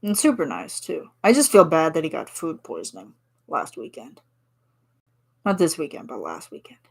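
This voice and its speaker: A woman's voice: low voice, wildly swooping pitch, moderate pace, vocal fry, slightly rough. A woman from Canada chatting casually with her viewers on a stream, giggling and answering chat. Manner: chatty and giggly, reads chat replies aloud.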